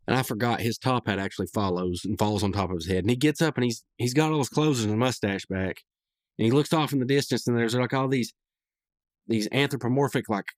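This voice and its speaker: On a dry recording, a lowish-voiced male podcast host rambles through a casual recap of a cartoon episode. His talk is full of restarts and fillers.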